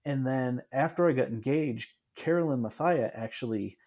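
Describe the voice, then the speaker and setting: A man in his thirties from Michigan, USA, appears as a podcast guest and tells his story in a casual, reflective way, often restarting and adding asides. His voice is medium-pitched and a little mellow, at normal speed, with dull audio.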